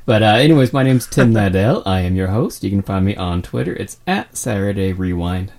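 A man's voice: on the low side, expressive, brisk, darkish tone. A young man hosting a casual podcast, joking loosely and rambling between announcements. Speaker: podcast host.

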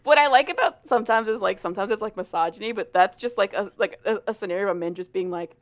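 Woman podcast cohost just chatting, laughs a lot, swears a bunch, mid pitch. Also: fast. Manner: swears freely, laughs often. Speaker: podcast co-host. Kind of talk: casual chat retelling a book plot.

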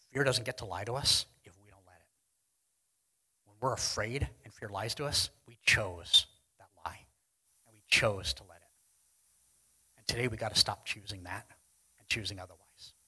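A man preaching a sermon to a congregation, earnest, pushing some lines out loudly and dropping others to a hush. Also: on the low side, husky, low-quality recording. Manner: earnest, swings between loud emphasis and hushed lines. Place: church hall with congregation.

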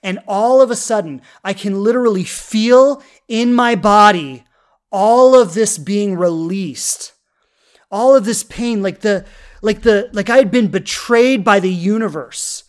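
Woman, 30s, love coach; earnest heartfelt storyteller, plenty of fillers, middle pitch. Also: a little slow. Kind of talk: personal storytelling talk.

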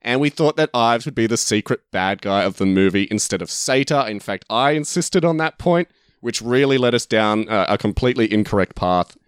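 A man's voice: medium pitch, expressive, brisk, clean tone, no room sound, clean studio sound. A man hosting a podcast, casually recapping a movie in long, rambling, self-correcting explanations. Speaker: podcast host.

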